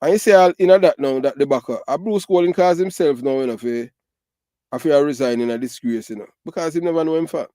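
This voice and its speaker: A man's voice: a little high, a little fast, warm tone, no echo, clean studio sound. A middle-aged man from Jamaica with a Jamaican Patois accent, giving emphatic, repetitive commentary full of fillers. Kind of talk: casual ranting commentary.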